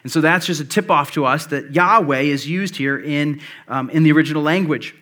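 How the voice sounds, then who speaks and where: A man's voice: on the high side, fairly quick, bright, forceful tone. A man in his thirties, a pastor preaching a sermon in a loose, conversational way, telling stories with plenty of fillers. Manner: conversational storytelling with many fillers.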